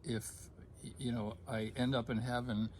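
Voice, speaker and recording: A man in his fifties telling a personal story in a relaxed conversation, pausing often with ums and restarts. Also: medium pitch, a little hiss or hum. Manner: hesitant, many ums, gets choked up then laughs. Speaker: guest sharing a personal story.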